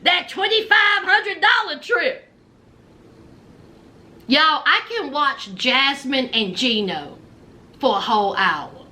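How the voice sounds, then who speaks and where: A woman, tipsy, recapping a reality show in a casual, animated storytelling way, acting out what people said. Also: high voice, takes it slowly, pauses often. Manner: animated storyteller, acts out quotes, laughs. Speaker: recap commentator.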